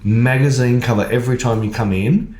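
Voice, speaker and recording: A man co-hosting a podcast in casual chat, talking in a chatty, animated way and acting out quoted lines. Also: mid-range voice, fairly quick. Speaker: photographer and podcast co-host. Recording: echoey room.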